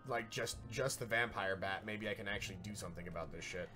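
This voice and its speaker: A man's voice: on the low side, fast. Rambling man streaming a game. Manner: relaxed, rambling, thinks aloud with restarts. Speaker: streamer playing a video game. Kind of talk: casual chat while gaming. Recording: game music behind the voice.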